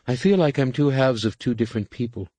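A man's voice: mid-range voice, lively intonation, brisk, mellow, no room sound, voice pushed up, natural voice. A man reading the part of a wounded, confused young woman warrior, speaking in a weary, wistful tone.

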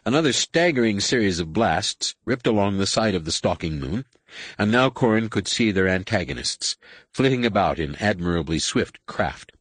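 A man narrating an audiobook with an expressive, varied delivery. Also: low voice, moderate pace, breathy edge, no room sound. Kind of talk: scripted narration.

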